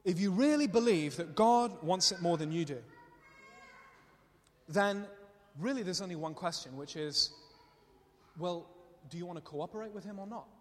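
A man's voice: high voice, moderate pace. A man preaching a sermon, telling stories in a conversational but impassioned way. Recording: long hall reverb.

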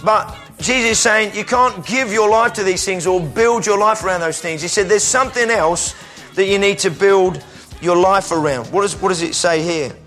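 A man preaching an energetic sermon in church, calling volunteers up and sometimes breaking into shouts. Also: sits high, moderate pace, faint music behind. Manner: energetic, calls out to the crowd, bursts into shouts.

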